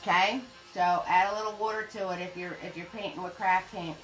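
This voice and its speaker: Bright chatty woman teaching painting. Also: on the low side, steady tone, brisk. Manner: chatty, greets viewers by name with pet names. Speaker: painting instructor. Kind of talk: live-stream painting lesson. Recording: echoey room with faint music.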